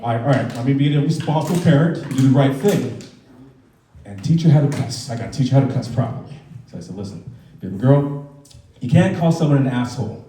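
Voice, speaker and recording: A man's voice: mid-range voice, animated, quick pace, mellow, a little hiss or hum. A man in his thirties doing a loose, conversational stand-up set on a comedy club stage, acting out voices, with audience laughter behind him. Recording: roomy club sound from far off.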